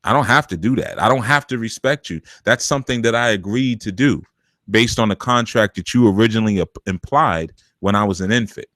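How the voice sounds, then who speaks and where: A man's voice: on the low side, a little fast, fairly bright tone, no echo, clean studio sound. A man hosting a live call-in spiritual advice show, talking in a streetwise, preachy, colloquial way. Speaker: radio show host and spiritual teacher.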